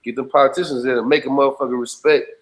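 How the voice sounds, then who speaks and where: A man talks in casual conversation with blunt, emphatic street talk, swearing freely and repeating checking phrases to make sure his listener follows. His medium-pitched voice races along with fairly even intonation, and the audio is poor.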